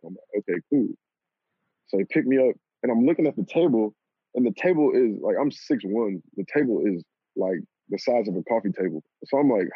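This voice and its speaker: A young man casually telling a personal story, animated and swearing and laughing at himself. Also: lowish voice, brisk, breathy edge, no room sound. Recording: lo-fi phone-like audio.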